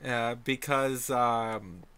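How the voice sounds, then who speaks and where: A man's voice: mid-range voice, drawn-out words, fairly bright tone, clear, resonant tone. A man hosting a livestream chat, teasing his guest and often hesitating. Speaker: stream host.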